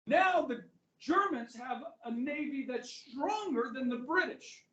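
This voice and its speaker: A man teaching history to a class, loose and conversational, tossing in "okay" and "guys" as he goes. His voice sits high. It is picked up from across an echoey classroom. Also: animated, a little slow, fairly bright tone, far from the mic, muffled recording. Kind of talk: classroom lecture.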